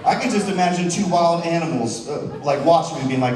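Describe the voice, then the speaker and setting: A man in his thirties from Southern Oregon performs stand-up comedy on a large theater stage, talking loosely and chattily and often restarting. His voice is on the high side, fairly quick and darkish. The recording sounds echoey and distant, with room noise.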